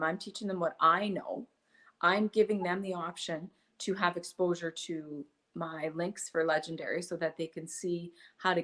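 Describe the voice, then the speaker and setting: A middle-aged woman, a guest in a casual interview, talking enthusiastically about her online business and acting out little quoted exchanges. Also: lowish voice. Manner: enthusiastic, animated storytelling with acted-out quotes.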